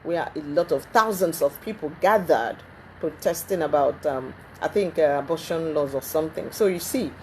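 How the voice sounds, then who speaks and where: A woman hosting a live talk show, speaking haltingly with many ums and restarts. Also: sits low, slight background noise, rough recording. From Nigeria.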